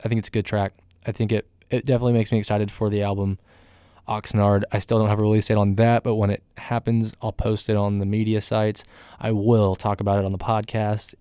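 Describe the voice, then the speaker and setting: A man's voice: on the low side, mellow, clean tone, dry recording, clean studio sound. A man hosting a casual solo music news podcast, rambling with many fillers and giving candid opinions. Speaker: podcast host.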